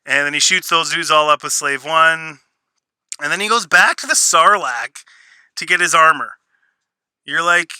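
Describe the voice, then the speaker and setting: A man's voice: fairly high pitch, moderate pace, long pauses, sharp tone, smooth, no echo. A man ranting sarcastically through a spoiler review, exasperated and mocking what he reviews. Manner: sarcastic, exasperated, mocks lines in put-on voices. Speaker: show reviewer.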